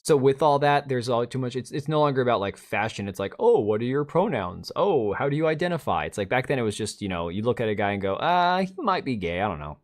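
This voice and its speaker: With lively intonation and a quick pace, a thirtysomething livestream host at a home desk mic talks with few pauses in a mid-pitched, slightly mellow voice. He rambles bluntly with his opinions, restarting sentences and responding to chat.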